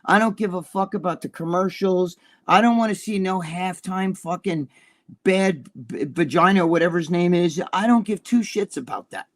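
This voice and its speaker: A man's voice: sits high, moderate pace. A man in his sixties, co-hosting a casual chat and telling profane, heated stories. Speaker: co-host.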